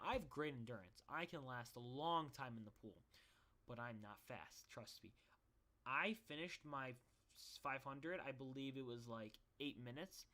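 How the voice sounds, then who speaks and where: Bright-voiced young guy rambling. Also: medium pitch. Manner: rambling, self-deprecating joking. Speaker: vlogger. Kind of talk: casual storytelling monologue.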